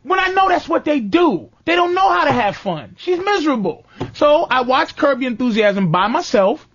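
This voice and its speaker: High, lively man ranting on a talk show. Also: normal speed. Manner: animated, crude storytelling, mimics voices. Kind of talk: profane comedic radio rant. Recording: muffled lo-fi, dry.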